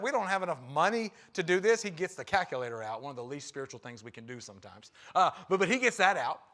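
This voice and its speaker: Male preacher, high voice, conversational sermon with acted-out quotes. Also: expressive, quick pace, few pauses, bright, forceful tone. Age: young adult to middle-aged, a father. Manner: conversational, acts out quotes with shifting pitch. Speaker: guest preacher. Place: church sanctuary.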